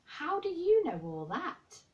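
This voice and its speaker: A woman's voice: extremely high pitch, huge pitch swings, slow pace, darkish tone, recorded from a distance, muffled recording, pitched above the performer's own voice, full character voice. A woman reading aloud, voicing a sickly, bedridden boy who sounds cross and complaining. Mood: fretful. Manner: cross, complaining, dwells on dying.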